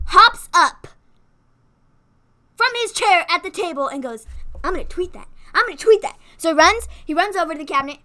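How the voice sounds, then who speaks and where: Bright, high-voiced excitable woman. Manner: excitable, animated storyteller, fillers of "like". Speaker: co-host. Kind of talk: casual wrestling recap chat.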